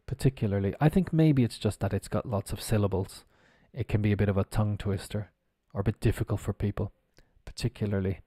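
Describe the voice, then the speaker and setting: A man's voice: mid-range voice, dark tone, no echo, studio quality. Irish man teaching English pronunciation. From Ireland. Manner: explains slowly, spelling words out letter by letter. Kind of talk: live-stream pronunciation lesson.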